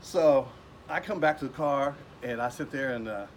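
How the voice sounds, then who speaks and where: A man's voice: mid-range voice, normal speed, slight background noise. A man casually telling a personal story at home in a rambling way, acting out the people he quotes.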